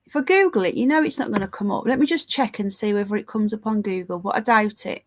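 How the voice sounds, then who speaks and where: Congested from a head cold, this livestream news host speaks quickly in a mid-range voice. She reads out headlines and viewer chat, mocking them scornfully and tossing off casual remarks to her audience.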